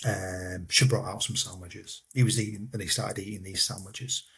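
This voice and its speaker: Man, guest, personal story, halting delivery with repeats and soft trailing endings. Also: low voice, little pitch movement, creaky. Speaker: guest telling his life story. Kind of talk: personal storytelling in a podcast interview.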